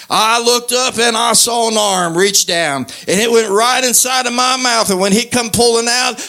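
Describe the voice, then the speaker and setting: In a very high-pitched, pushed and bright voice, a man tells his church testimony with fervent emphasis and repeated exclamations. He often sounds close to tears.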